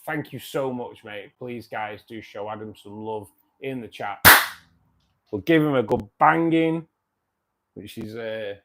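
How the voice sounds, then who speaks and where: A man in his fifties hosting a casual fish-keeping livestream, chatty and jokey, thanking viewers by name. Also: medium pitch. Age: 50s. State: dry throat. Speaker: livestream host. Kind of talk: casual live chat.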